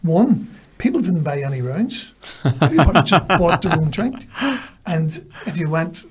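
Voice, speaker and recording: With a breathy edge to his slightly high voice, this Belfast man speaks at a moderate pace with lively intonation. Appearing as a podcast guest, he shares anecdotes in his Northern Irish accent and performs the quoted lines of people he met.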